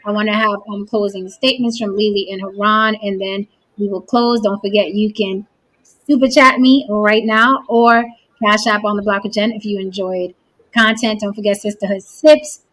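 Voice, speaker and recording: A woman with a mid-pitched voice hosts a livestream talk show. She keeps a brisk pace and speaks directly to the viewers in the chat. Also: steady tone, a bit bright, rough recording. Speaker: host.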